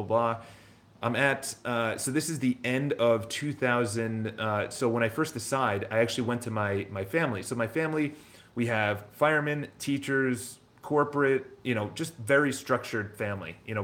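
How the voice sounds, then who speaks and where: A real estate broker and business owner telling his story in casual, rambling talk, blunt and quick to swear. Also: mid-range voice, a bit bright.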